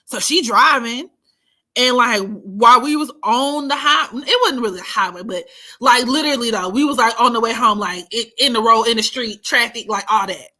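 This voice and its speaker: A woman, telling a story in a casual chat, animated and profane, often laughing. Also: fairly high pitch, normal speed. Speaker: astrology streamer.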